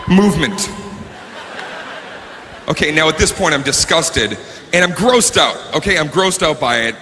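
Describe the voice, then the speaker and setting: A man performing a stand-up comedy set, animated and breaking into shouts, recorded live on stage. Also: sits high. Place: comedy stage before an audience. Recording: live show recording, reverberant hall, faint room noise.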